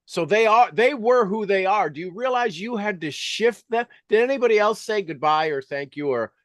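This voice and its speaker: A man's voice: high-pitched, expressive, normal speed, a bit bright, dry recording, clean studio sound. Emphatic male motivational coach. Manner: emphatic and repetitive, drives points home. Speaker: leadership coach and host.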